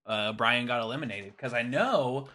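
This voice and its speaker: A man co-hosting a wrestling podcast, excitable and quick to swear and laugh in casual chat. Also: mid-range voice. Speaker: podcast co-host.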